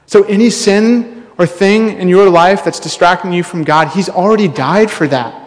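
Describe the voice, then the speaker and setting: A man's voice: high voice, normal speed. A man preaching a conversational sermon, telling stories with plenty of casual fillers. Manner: casual, storytelling, many fillers. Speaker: pastor. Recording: long hall reverb.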